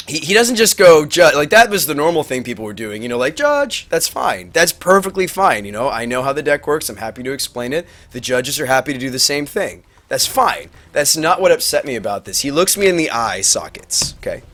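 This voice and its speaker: Animated man recapping a tournament. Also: a little fast, few pauses. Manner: animated, rambling, acts out quotes with big pitch swings. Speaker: Magic player recapping a tournament on a livestream. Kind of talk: casual storytelling to a stream audience. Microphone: webcam mic.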